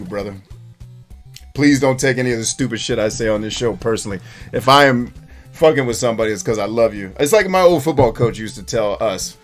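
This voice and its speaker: A man streaming a retro game, chatting casually with viewers and reading their comments, swearing freely and laughing often. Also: medium pitch. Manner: animated, profane, laughs often. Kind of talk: casual live-stream chat.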